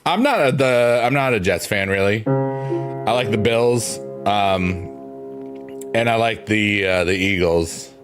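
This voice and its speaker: A man with a very low, deep voice rambles in a loose, playful way, chatting to his audience. Faint piano music plays behind him. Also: takes it slowly. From New York, US. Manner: meandering, playful, talks to chat. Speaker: streamer. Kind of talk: casual rambling chat.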